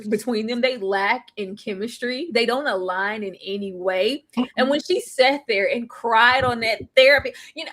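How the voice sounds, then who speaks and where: A woman giving sassy, animated commentary on a live stream about a reality show, cutting in with mocking impressions. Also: sits high. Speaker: co-host of a reality show recap.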